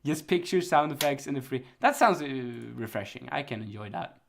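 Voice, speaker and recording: A man's voice: medium pitch, expressive, a little fast, gravelly, slight background noise. Young man, casual anime rant, laughs often, opinionated, conversational. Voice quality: rants with frequent laughter. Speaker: anime season chart co-host. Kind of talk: casual ranting chat.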